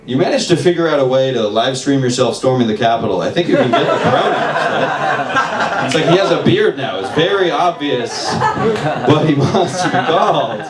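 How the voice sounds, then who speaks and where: Crude young comic in an echoey room. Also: male voice, medium pitch. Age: 20s. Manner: crude, self-deprecating, sardonic. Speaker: stand-up comedian. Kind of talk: stand-up set. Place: open mic in a bar room with audience. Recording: echoey room, distant mic, crowd laughter. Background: audience laughing.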